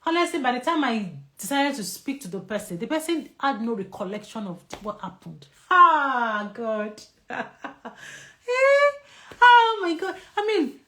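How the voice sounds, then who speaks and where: Lively Nigerian-accented woman doctor. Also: medium pitch. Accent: Nigerian English. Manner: lively, laughing, answers viewer questions aloud. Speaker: doctor giving a live talk on stress. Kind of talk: live Q&A talk.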